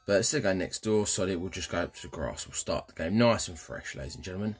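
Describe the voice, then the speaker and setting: A man's voice: low-pitched, animated, quick pace, husky, soft background music. A man giving cheeky, chatty commentary over a video game playthrough, often addressing viewers. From England. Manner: cheeky, banter-heavy, keeps addressing viewers. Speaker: gaming channel host. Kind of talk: casual let's-play commentary.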